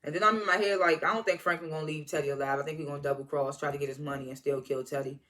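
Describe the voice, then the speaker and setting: TV reviewer, casual recap, animated, rambling, self-correcting, bright sharp voice. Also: medium pitch, racing. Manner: excited exclamations. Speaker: TV episode reviewer.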